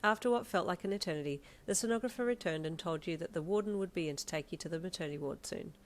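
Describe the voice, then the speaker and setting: A woman narrating a second-person fanfiction story in a steady, emotive way. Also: fairly low pitch, fast talker.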